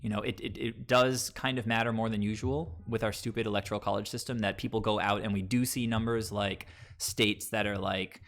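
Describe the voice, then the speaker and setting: A Long Island, New York streamer talks casually to live viewers, rambling with lots of um and like. His voice is on the low side and a bit bright, fairly even in intonation, and he moves briskly with hardly any pauses.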